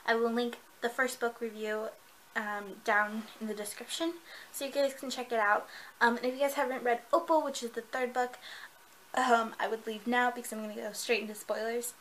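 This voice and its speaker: A woman reviewing a book in a casual vlog, gushing and excitable, with lots of fillers. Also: fairly high pitch, normal speed, a little hiss or hum, rough recording.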